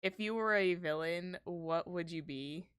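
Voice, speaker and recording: A woman's voice: lowish voice, unhurried, fairly bright tone, clean tone. A woman streamer hosting a casual chat while drawing, rambling freely with plenty of restarts. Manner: rambling, chatty. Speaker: streamer host.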